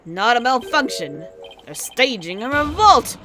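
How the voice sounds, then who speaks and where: A woman reading the lines of an excitable, panicked male detective. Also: fairly high pitch, measured pace, background noise. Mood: alarmed.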